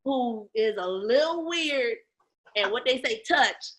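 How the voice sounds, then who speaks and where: A woman, telling a personal story candidly in an interview, animated and acting out other people's voices, dropping low and quiet on painful memories. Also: slow pace. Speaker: guest, lactation educator.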